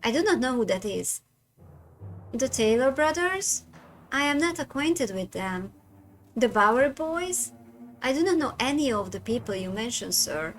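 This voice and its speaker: A woman's voice: fairly high pitch, big pitch swings, moderate pace, faint music behind. A woman doing a polite, formal professor. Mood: polite urgent. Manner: formal, courteous, urgent.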